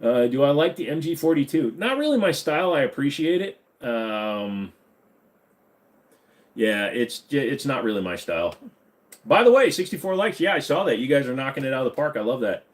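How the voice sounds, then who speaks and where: A man in his forties answering viewer comments on a live stream from his desk. His pitch is lively and bouncy, and his delivery is jokey and teasing. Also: normal speed. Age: 40s. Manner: joking, teasing, reading out comments.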